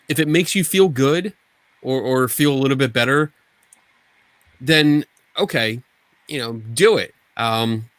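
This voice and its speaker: A man's voice: medium pitch, fairly bright tone, dry recording. Casual podcast co-host, a man who rambles and restarts his sentences, recorded dry and close. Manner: rambling, frequent restarts and profanity.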